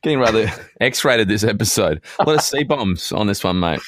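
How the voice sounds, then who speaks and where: A man's voice: fairly low pitch, expressive, moderate pace, no room sound, studio quality. A man co-hosting a podcast in casual banter, wry and teasing, given to rambling riffs. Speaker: podcast co-host.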